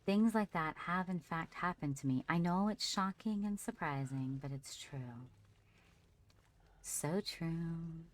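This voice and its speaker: A woman with a notably deep, low voice, talking casually through a live gameplay stream. She chats easily with viewers and calls her character "darling" as she goes. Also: takes it slowly. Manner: chatty, talks to her character and chat fondly. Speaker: livestreamer.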